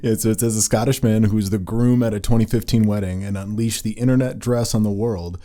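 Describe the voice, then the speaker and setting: A man's voice: lowish voice, fairly even intonation, brisk, warm tone. A man co-hosting a casual chat show, reading news items aloud in a laid-back way. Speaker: co-host.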